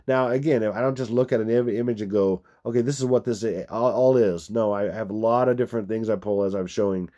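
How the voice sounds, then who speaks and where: A man's voice: fairly low pitch, fairly even intonation, a little fast, few pauses, dark tone. A middle-aged man hosting his own video, talking through a screen he shows, rambling and repeating himself with emphatic restarts. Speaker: video channel host. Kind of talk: casual screen-share commentary.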